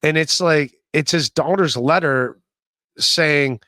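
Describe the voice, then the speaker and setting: A man's voice: a little high, slow pace, pushed and bright, no echo, studio quality. A man hosting a podcast, talking casually in a rambling way, with many fillers and restarts. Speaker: podcast host. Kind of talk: casual chat.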